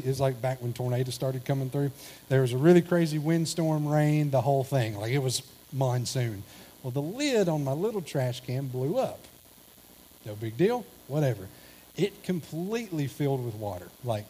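A man's voice: mid-range voice, slightly rough. A man, telling a funny anecdote in a sermon and acting out the voices of his family. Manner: animated storytelling, acting out quoted family members.

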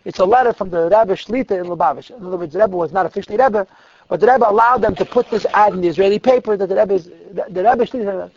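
Gravelly high-voiced man telling a story. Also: quick pace. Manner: animated and emphatic, repeats words for stress. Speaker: religious storyteller. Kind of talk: telling a Hasidic story to listeners. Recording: dull lo-fi, dry recording.

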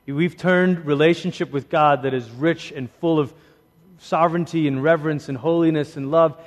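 Animated preacher man in a reverberant hall. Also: fairly high pitch. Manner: animated, conversational, shifts between lively asides and hushed emphasis. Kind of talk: sermon.

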